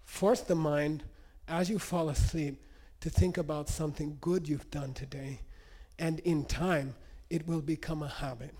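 A man leading a meditation lesson. He talks in a conversational way, often checking in with his listeners. His voice sits a little high but has a warm, mellow tone. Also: steady tone, measured pace, hardly any pauses. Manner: conversational, checks in with "okay?" and "you know". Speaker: meditation teacher. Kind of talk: storytelling lesson.

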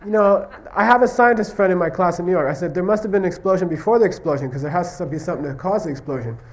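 A man's voice: high voice, rapid-fire. A man teaching Buddhist philosophy in a conversational lecture style. He tells stories, acts out questions and answers, and keeps checking in with "okay?" and "you see what I mean?".

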